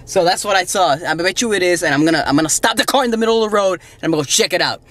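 A man in his thirties vlogging while toy hunting, talking to himself in stores and his car, excitable and given to muttering and Spanish exclamations. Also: sits high, rapid-fire, no echo. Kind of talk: casual self-talk vlog.

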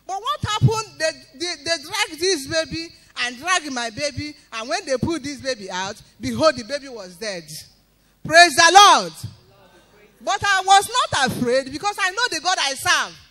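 A woman tells her testimony before a congregation with a bright, forceful voice. Her pitch swings widely, and she drives the story along emphatically, bursting into loud shouts of praise. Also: expressive, moderate pace, few pauses. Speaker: church member giving a testimony. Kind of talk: spoken church testimony.

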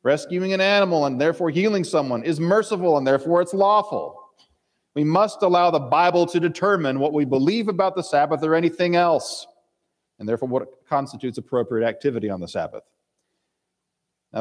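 A man's voice: fairly high pitch, expressive, a little fast, long reverb tail. A male pastor giving a sermon, reading scripture aloud and acting out the characters' lines in dramatic voices.

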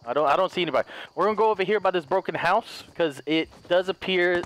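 A man commentating his own gameplay, muttering to himself, then bursting into loud shouts and giggles, and swearing often. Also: fast, a little hiss or hum. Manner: high-pitched giggling laughs. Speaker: gaming commentator.

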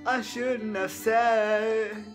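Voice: medium pitch, flat delivery, extremely slow, faint music behind. A vlogger talking in a casual, rambling way, often giggling at their own jokes. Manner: rambling, giggly, self-amused.

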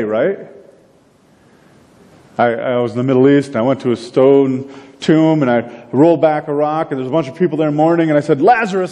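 A man preaching a sermon in a conversational storytelling manner, acting out bits of dialogue. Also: warm tone. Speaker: pastor. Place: church sanctuary. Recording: long reverb with faint rumble noise.

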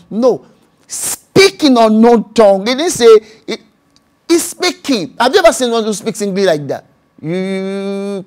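A man's voice: high-pitched, very animated, takes it slowly, a little mellow. A man with a Nigerian accent, a pastor preaching a sermon and acting out voices and speaking in tongues.

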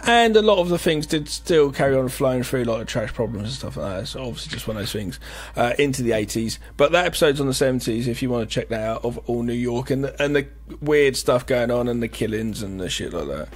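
A man's voice: mid-range voice, animated, fast. Rambling male podcast co-host. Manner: rambling, many fillers and restarts. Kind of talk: casual chat.

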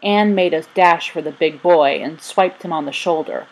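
A husky woman narrates a children's story in an expressive, even reading. Her voice sits on the low side. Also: normal speed, hardly any pauses, rough recording.

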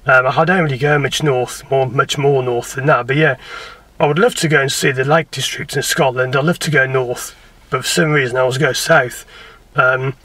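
A man's voice: mid-range voice, bright, forceful tone, no echo, recorded from a distance. A man, a driving instructor, answering viewer questions in a rambling, chatty, self-deprecating way, with an English accent between posh southern and Birmingham. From England. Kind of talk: casual Q&A to camera.

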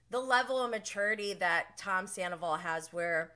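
A young adult woman hosting a casual recap show, telling the story with animated quoted voices. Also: normal speed, few pauses. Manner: animated storytelling, acts out quotes with big pitch jumps. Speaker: podcast host.

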